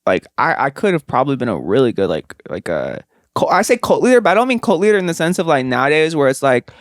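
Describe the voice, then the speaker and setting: A man's voice: a little high, fast, no room sound, clean studio sound. A man co-hosting a casual comedy podcast, rambling with lots of fillers. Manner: rambling, filler-heavy, animated. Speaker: podcast co-host.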